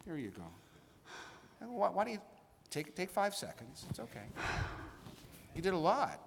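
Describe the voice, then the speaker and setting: A man serving as rabbi, speaking a sermon to a bar mitzvah boy in a conversational storytelling way with pauses for emphasis, in a synagogue sanctuary. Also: high-pitched, very animated, vocal fry, slight background noise. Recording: echoey sanctuary with long reverb.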